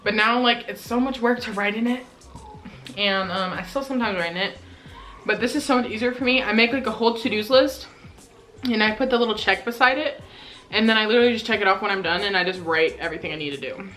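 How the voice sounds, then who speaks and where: Chatty bright-voiced teenage girl. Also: medium pitch, fast talker, soft background music, low-quality recording. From Colorado, USA. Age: teens. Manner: chatty, lots of "like" fillers, talks while eating. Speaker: vlogger. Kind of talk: casual mukbang chat.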